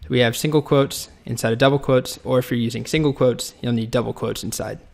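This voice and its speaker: Guy doing a coding tutorial, gravelly voice, easygoing step by step explaining. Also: medium pitch, fairly quick. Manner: relaxed, explains step by step while typing. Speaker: coding instructor. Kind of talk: screen-recorded coding tutorial.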